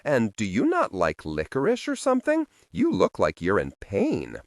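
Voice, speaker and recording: Cast: a man as a wry, curious young woman, soft and hushed at times. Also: on the low side, wildly swooping pitch, moderate pace, no echo, studio quality. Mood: teasing. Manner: soft-spoken, turns to whispers.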